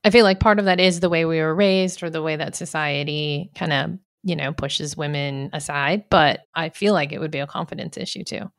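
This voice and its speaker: A woman's voice: deep voice, brisk, gravelly, hardly any pauses. A woman hosting a podcast interview who responds supportively and asks short questions between her guest's points. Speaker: podcast host.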